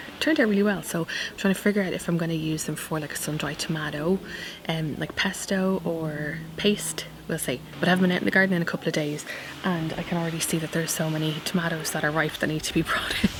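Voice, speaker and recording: A woman talks to camera from her back garden in a relaxed, wandering way. Her voice sits low, and she fills her chat with "like" and "um". Faint outdoor noise hums behind her. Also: quick pace. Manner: chatty, rambling, with many fillers. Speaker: gardening vlogger.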